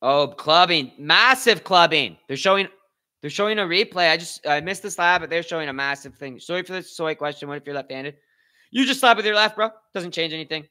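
A young man hosting a live watch party, commentating on slap fights with excitable, profane banter and shoutouts to his chat. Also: a little high, fast. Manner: excitable, swears a lot, talks to chat. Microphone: headphones with mic.

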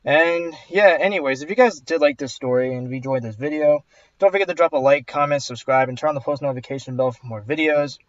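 A man's voice: on the high side, fast, dry recording. A young man casually narrating a story about an awkward customer, chatty and exasperated, with sarcastic asides. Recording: dull, dry, slightly lo-fi voice track.

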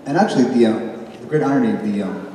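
A middle-aged man telling stories on stage at a convention panel, animated and self-deprecating, laughing often. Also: medium pitch, rapid-fire, a little hiss or hum. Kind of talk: casual storytelling on stage. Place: large convention hall. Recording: echoey hall recorded from far off.

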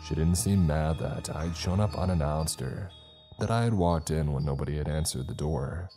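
Very deep, dark-voiced male horror narrator. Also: moderate pace, soft background music. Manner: uneasy, rambling confessional telling. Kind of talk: scripted first-person horror narration.

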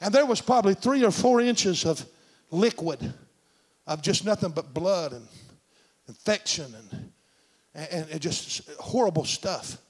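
A middle-aged man preaching a sermon in a church, telling a story and swinging from shouts to hushed tones. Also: sits high, lively intonation, measured pace, husky. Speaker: senior pastor. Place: church sanctuary.

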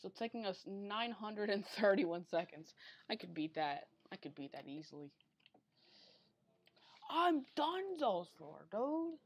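Lower-voiced woman rambling through gameplay. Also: steady tone, normal speed. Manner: rambling, easily frustrated, talks to self. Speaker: gamer recording a speedrun attempt. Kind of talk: unscripted gameplay commentary.

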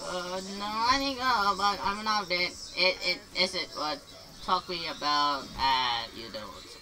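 A man's voice: sits high, unhurried, bright, forceful tone, faint music behind, poor audio. Hesitant man commenting on a game. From Philippines. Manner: hesitant, many fillers. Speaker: gaming channel host. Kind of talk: casual gameplay commentary.

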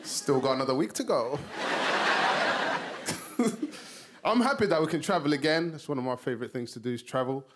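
Lively South London man doing stand-up. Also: fairly high pitch, moderate pace, long pauses, some chatter behind. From Somalia. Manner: animated, acts out characters in voices. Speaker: stand-up comedian. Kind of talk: stand-up comedy set. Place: TV studio stage before a live audience. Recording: live audience laughter behind.

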